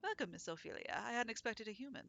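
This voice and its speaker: A woman voicing a gentle, elegant male bird who owns a cafe, speaking softly, politely and formally. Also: on the high side, animated, quick pace, creaky, soft background music.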